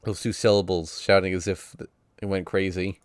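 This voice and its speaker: A man's voice: low voice, little pitch movement, normal speed, dry recording, clean studio sound. A man reading a visual novel aloud on stream, narrating casually in the first person. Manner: casual first-person narration that voices sound effects playfully.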